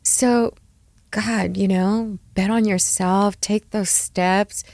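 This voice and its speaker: A woman's voice: mid-range voice, fairly even intonation, slow pace, a little mellow, dry recording. A middle-aged woman guesting on a podcast, talking in a heartfelt way and mixing in Spanish phrases. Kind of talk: casual interview chat.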